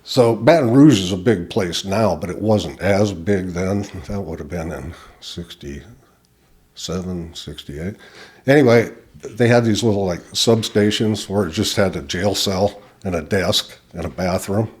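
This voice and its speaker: Older man, from California, husky low voice, storytelling podcast guest, acts out voices. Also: unhurried. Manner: animated, laughs while telling, acts out quoted voices. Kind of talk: casual storytelling. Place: podcast studio. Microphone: desk mic.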